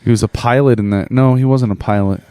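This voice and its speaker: A man's voice: medium pitch, fairly even intonation, fast, dark tone, smooth, dry recording. A man co-hosting a podcast, chiming in with blunt, mocking quips. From Iowa. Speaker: podcast co-host. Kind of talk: casual political chat.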